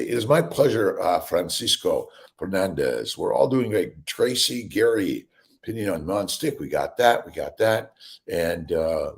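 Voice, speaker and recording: A middle-aged male doctor hosting a casual morning livestream, rambling and upbeat as he greets viewers by name. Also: on the low side. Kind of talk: casual livestream chat reading viewer comments.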